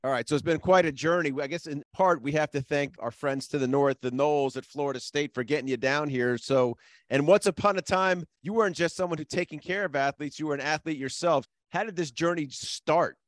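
A man's voice: fairly high pitch, a little fast, no echo. A man hosting a casual interview, asking questions with a friendly, teasing manner. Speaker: interview host.

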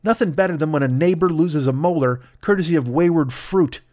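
A man's voice: on the high side, brisk, a little mellow, no room sound, clean studio sound. Riffing, profane comic storyteller man. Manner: profane, riffing, absurd asides. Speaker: podcast host.

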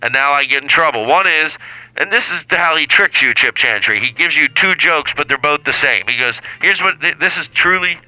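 A man's voice: a little high, lively intonation, fairly quick, pushed and bright, no echo, rough recording. A man hosting a comedy podcast alone in a barn studio, rambling and riffing in scattered bursts. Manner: scattered, riffing, restarts and bursts of silly bits. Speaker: podcast host.

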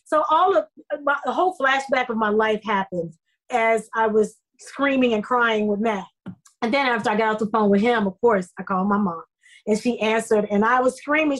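A middle-aged actress answers interview questions with a rather high voice. She tells her story effusively and with feeling, breaking into animated quoted asides. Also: low-quality recording. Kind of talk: conversational interview.

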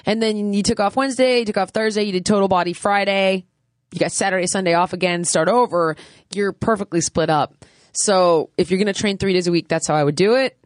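A woman fitness trainer answering listener questions in casual podcast chat, blunt and energetic. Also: mid-range voice, no echo, clean studio sound. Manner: blunt and energetic, explains with quick examples.

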